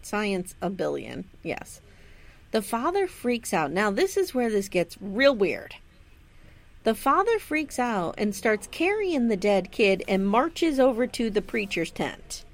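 Speaking slowly in a mid-range voice, a podcast co-host goes over a TV episode with plenty of laughter and swearing. She's animated and acts out quotes from the show.

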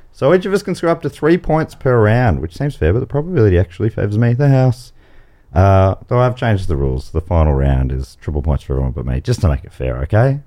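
A man's voice: on the low side, warm tone. Wry Australian man hosting a comedy quiz. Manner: wry, jokey rule explanations with playful asides. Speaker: game show host.

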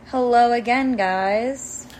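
A woman's voice: fairly high pitch, takes it slowly, darkish tone, low-quality recording. A woman co-hosting a casual podcast chat, chiming in with playful, wry remarks. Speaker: podcast co-host.

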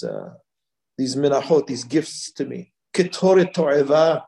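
A man giving a Torah lecture as a rabbi, animated and leaping higher when he voices God's words. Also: a little slow, creaky. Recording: echoey room.

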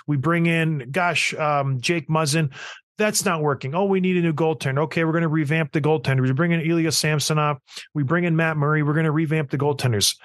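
A middle-aged man holds forth on a sports podcast, his voice sitting a little higher than most men's. He rants with emphatic exasperation, piling point on point, and the recording is dry and close with no room echo. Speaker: podcast host. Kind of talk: casual sports talk rant.

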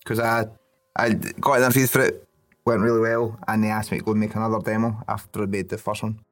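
A man's voice: lowish voice, level tone, quick pace, faint music behind. A Scottish man chatting casually as a podcast host, rambling, swearing freely and laughing. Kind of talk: casual chat.

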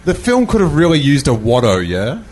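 A man's voice: medium pitch, wildly swooping pitch, normal speed. A man co-hosting a comedy podcast, teasing and laughing as he chats. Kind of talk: casual comedic chat. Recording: crowd noise in background.

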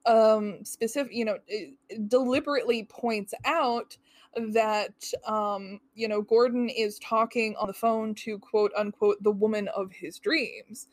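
Woman, podcast co-host, wry thoughtful analysis, higher pitch, dry close sound. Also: fairly even intonation, unhurried, no echo. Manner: wry, thoughtful, reads from notes. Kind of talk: casual comic-book analysis.

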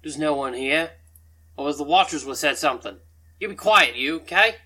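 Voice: mid-range voice, fairly even intonation, brisk, fairly bright tone, lightly acted. A game master voicing a bandit guard who barks suspicious orders at a captive. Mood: bossy. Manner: bossy and suspicious. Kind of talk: tabletop game character voice.

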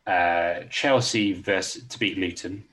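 Low-pitched and fairly bright, this man speaks slowly while co-hosting a casual, joking betting-tips podcast about weekend football. He's relaxed and addresses the listener as "mate."

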